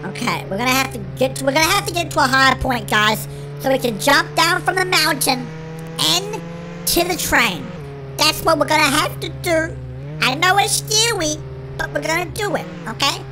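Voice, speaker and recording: A performer voicing an excitable cartoon chipmunk in a sped-up chipmunk filter, giving panicky, shrieky game commentary as the channel host. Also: sits high, moderate pace, music in the background. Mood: frantic. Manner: shrieky, panicky, constantly shouting to friends. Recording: noisy game sounds behind.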